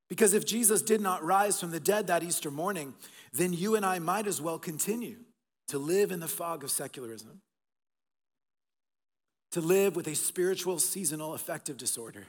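Emphatic pastor in a reverberant hall. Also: male voice, high-pitched, moderate pace. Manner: emphatic, swinging between loud bursts and soft hushed passages. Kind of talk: Easter sermon. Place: church auditorium. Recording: long reverb of a large hall.

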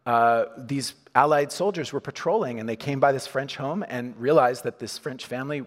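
A man's voice: mid-range voice, normal speed, in a large hall. A man preaching a sermon in a church, chatty and informal, with frequent restarts and chuckles. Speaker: pastor. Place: church hall.

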